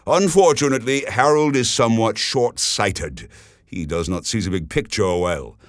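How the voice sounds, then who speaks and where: A man voicing a suave, persuasive German businessman with a German accent, speaking politely and smoothly. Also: lowish voice, lively intonation, normal speed, dry recording, studio quality, voice pushed up, close to an everyday voice. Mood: courteous.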